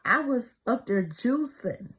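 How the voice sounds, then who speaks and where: A woman's voice: fairly high pitch, expressive, takes it slowly, fairly bright tone, slightly rough. A middle-aged woman speaking spontaneously to her viewers, giving fervent, repetitive devotional encouragement with casual asides. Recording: slightly dull lo-fi recording.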